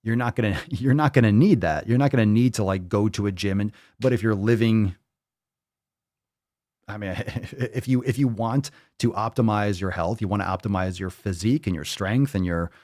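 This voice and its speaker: A man's voice: lowish voice, moderate pace, a little mellow, dry recording, clean studio sound. A man hosting a podcast in casual chat, reading posts aloud and rebutting them in a blunt, profane, mocking way. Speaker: podcast host.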